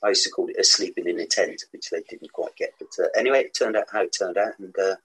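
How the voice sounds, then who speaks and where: Older midlands bloke, low husky voice, rambly storytelling. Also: male voice, quick pace, fairly bright tone, rough recording. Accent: West Midlands English. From England. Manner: rambling anecdotes with laughs and restarts. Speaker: interview guest, musician. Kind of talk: casual storytelling.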